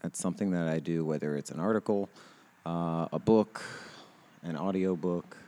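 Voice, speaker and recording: A man's voice: low-pitched, moderate pace, dark tone. A man in his thirties chatting casually on a podcast outdoors, rambling with lots of fillers and restarts and laughing often. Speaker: podcast host. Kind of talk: casual chat.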